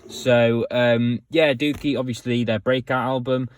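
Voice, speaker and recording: Young male vlogger, casual and excitable, ordinary middle pitch. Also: unhurried, clear, resonant tone, dry recording. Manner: enthusiastic, chatty, frequent fillers. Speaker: music collector vlogger. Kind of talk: casual show-and-tell vlog.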